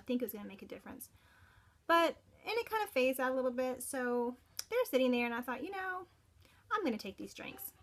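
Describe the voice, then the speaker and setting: Earnest middle-aged woman, halting testimonial. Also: high voice. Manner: earnest, halting, with frequent restarts. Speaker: parent giving a product testimonial. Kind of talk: personal testimonial.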